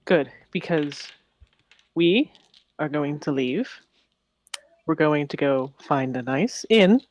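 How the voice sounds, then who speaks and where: A woman's voice: deep voice, expressive, takes it slowly, darkish tone, no echo, pitched below the performer's own voice. A woman playing a dry, assertive tiefling bard. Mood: teasing. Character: poised female tiefling bard, direct and teasing.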